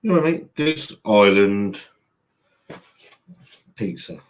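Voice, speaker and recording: A man's voice: on the low side, animated, takes it slowly. A man hosting a casual live stream from home, rambling, swearing casually and reading out chat messages. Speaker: channel host. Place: home room by an open window.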